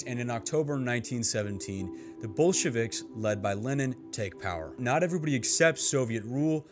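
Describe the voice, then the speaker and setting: Sardonic man narrating a video essay. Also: medium pitch. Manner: sardonic, dry jokes. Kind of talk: scripted narration.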